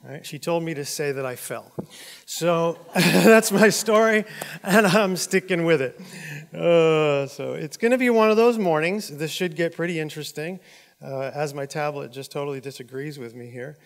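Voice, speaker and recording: A man's voice: a little high, normal speed, vocal fry, in a large hall. A male pastor preaching to his church with a swollen jaw after oral surgery, joking at his own expense and acting out dialogue in his stories. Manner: joking and self-deprecating, acts out dialogue. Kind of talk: sermon. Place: church auditorium.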